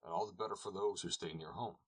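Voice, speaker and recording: A man voicing a plain-spoken village shepherd in a storybook reading, with dry, blunt lines and a husky voice. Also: low-pitched, quick pace.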